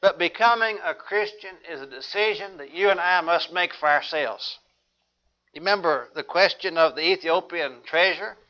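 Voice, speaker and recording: High, bright-voiced preacher man. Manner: earnest, measured preaching with scripture quotes. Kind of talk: sermon. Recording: dull lo-fi recording.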